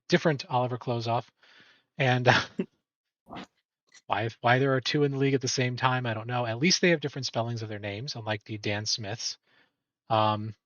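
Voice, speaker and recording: A man's voice: mid-range voice, a bit bright, dry recording, dull audio. A man hosting an online sports league awards show in casual, rambling commentary that often corrects itself. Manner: rambling, self-correcting, chatty.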